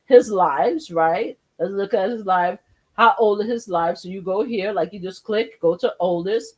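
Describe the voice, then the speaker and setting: A woman who is a grandmother, hosting her own channel and chatting casually, animated and laughing often, swinging between exclamations and low asides. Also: unhurried. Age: older. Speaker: host. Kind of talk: casual chat.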